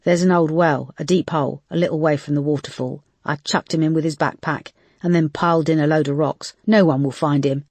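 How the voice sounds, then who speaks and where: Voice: mid-range voice, fairly even intonation, a little fast, hardly any pauses, darkish tone, no echo, natural voice. An audiobook narrator voicing a young man who insistently pleads and justifies himself, in a dry recording. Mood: urgent. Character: young man, protective, intense, urgent. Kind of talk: audiobook character voice.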